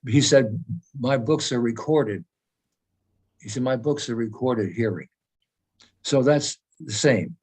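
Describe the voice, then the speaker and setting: An American man in his eighties, a senior devotee speaker, gives an emphatic, rambling informal talk at a meeting held over video call. His medium-pitched voice is slow, darkish and slightly rough, with frequent pauses, in a low-quality recording.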